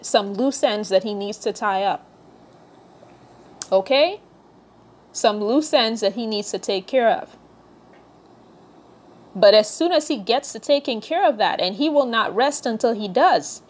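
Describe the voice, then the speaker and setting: A woman minister reading scripture aloud and then preaching earnestly, speaking directly to her listeners. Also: a little high. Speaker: prophetic minister.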